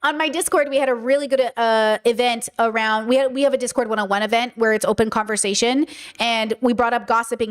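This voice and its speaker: A woman podcast host chatting casually, acting out quoted exchanges with animated energy. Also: on the high side. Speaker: podcast host reacting to a video. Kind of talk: casual chat.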